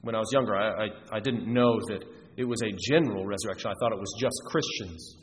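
A man's voice: lowish voice, fast. A man preaching a sermon, earnest and emphatic, often restarting his phrases. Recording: reverberant hall, faint noise.

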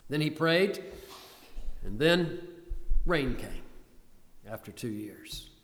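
A man's voice: medium pitch, big pitch swings, takes it slowly, fairly bright tone. An older man preaching a sermon, retelling scripture in a storytelling way and pressing hard on key lines. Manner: storytelling, rising to urgent emphasis in quoted pleas. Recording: long hall reverb.

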